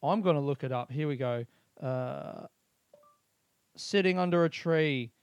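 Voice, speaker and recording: A man's voice: fairly high pitch, a little slow, smooth, no echo, lo-fi sound. Profane rambling man, dry sound. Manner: rambling, profane, muttering to himself. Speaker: podcast host. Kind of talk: casual podcast chat.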